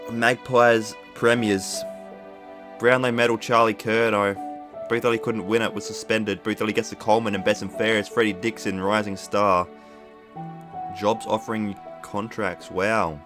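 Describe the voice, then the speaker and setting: A young man giving profane, shouting commentary on his own football video game career. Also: fairly low pitch, level tone, normal speed. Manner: swears a lot, shouts in frustration. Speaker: gaming YouTuber. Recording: game music behind.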